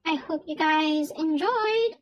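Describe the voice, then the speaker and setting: A woman with a very high, light voice chats casually through a game stream, speaking slowly and unhurriedly. She rambles and repeats words as she thinks. Soft music plays faintly behind her. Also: dry recording, lo-fi sound.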